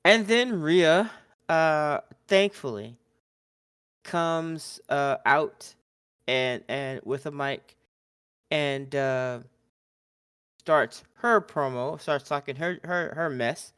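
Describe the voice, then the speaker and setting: A man co-hosting a podcast, telling a wrestling recap in casual chat. He is animated, laughs often and acts out the wrestlers' lines. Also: a little high, extremely slow, pauses often, clean tone, dry recording, clean studio sound. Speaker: podcast co-host.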